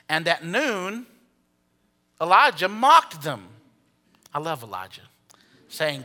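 A man preaching a sermon as pastor, swinging from hushed asides to loud, animated calls and leading the congregation to repeat phrases. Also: medium pitch, a little slow, long pauses. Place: church sanctuary. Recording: long reverb of a large hall.

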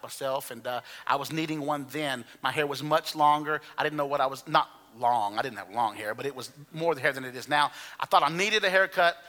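A pastor in his fifties from Alabama, US, preaches in a church sanctuary with a brilliant, ringing, pushed and bright tone, pitched somewhat high for a man. He is earnest and emphatic, hitting key words hard, while a long church reverb trails his voice.

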